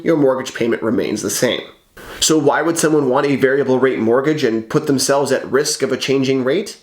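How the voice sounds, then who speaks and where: A man working as a mortgage broker, talking in a confident, persuasive way in a scripted explainer video. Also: medium pitch. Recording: roomy echo, faint background music.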